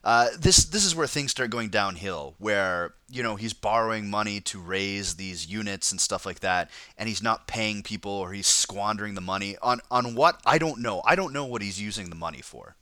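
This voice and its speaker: A man's voice: on the low side, moderate pace, hardly any pauses, pushed and bright, dry recording, studio quality. A man hosting a casual podcast, telling a history story in a rambling way, with lots of fillers and laughter. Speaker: podcast host.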